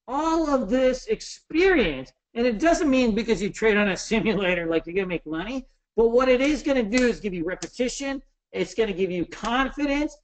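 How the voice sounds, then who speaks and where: Animated, swearing man in his thirties teaching. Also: high voice. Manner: animated, swears, jokey storytelling. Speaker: trading instructor. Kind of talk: casual webinar lecture.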